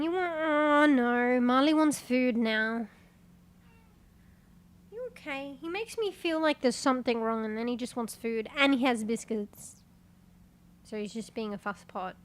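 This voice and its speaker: A woman's voice: sits high, bright, forceful tone. A young woman streaming a game, chatting casually and rambling, swearing freely and laughing often. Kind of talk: casual live-stream chat.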